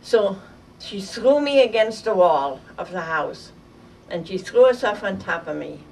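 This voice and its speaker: An older woman from Germany telling a vivid, halting story from her childhood in an oral history interview. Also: medium pitch, lively intonation, vocal fry, a little mellow. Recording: distant mic with faint noise.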